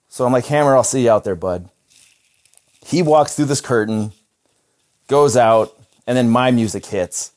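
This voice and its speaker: A former wrestler hosts a casual podcast chat, telling stories packed with swearing and laughter. His voice is medium in pitch and a little mellow.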